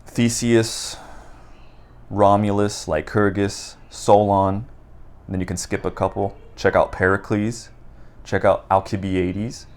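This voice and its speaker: A man talking off the top of his head in an unedited video, rambling and halting with many restarts. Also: lowish voice, level tone. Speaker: book vlogger. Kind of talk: unscripted casual talk to camera. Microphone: raw unedited recording.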